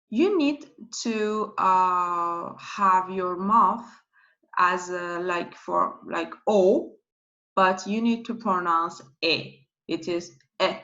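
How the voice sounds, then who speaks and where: A woman giving a slow pronunciation lesson, who repeats each sound patiently several times. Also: medium pitch, a bit bright. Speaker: language teacher. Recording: dull lo-fi recording.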